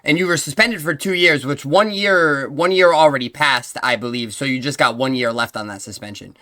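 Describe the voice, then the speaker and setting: A man hosting a casual podcast interview, his voice bright and forward. He asks rambling, laid-back questions, full of fillers and little restarts. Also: mid-range voice, normal speed. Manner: loose, filler-heavy questioning. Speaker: podcast host.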